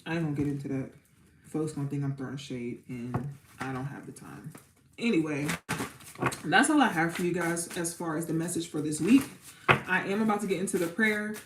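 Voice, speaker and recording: A woman's voice: deep voice, brisk, heavy background noise. A woman tarot reader hosting a casual livestream, talking to her community in a chatty, repetitive way before leading a spoken prayer. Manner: warm, chatty, repeats herself, near tears at times. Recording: roomy echo.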